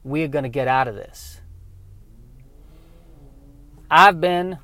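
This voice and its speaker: A man playing a calm, folksy southern spaceship captain who talks slowly and soothingly. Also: a little high.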